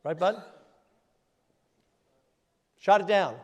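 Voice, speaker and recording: An older man with a fairly high voice tells stories in a folksy, emphatic and combative way as he takes audience questions. He speaks in a large conference hall, and his voice carries a long reverb. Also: moderate pace, vocal fry, long pauses. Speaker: lieutenant governor answering audience questions. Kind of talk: casual conversational Q&A at a policy conference.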